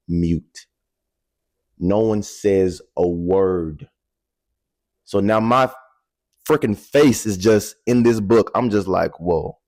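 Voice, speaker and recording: A young man in his twenties, voice fairly low, speaks directly to camera about something from his own life. He's candid and animated, swears casually, and the recording is dry.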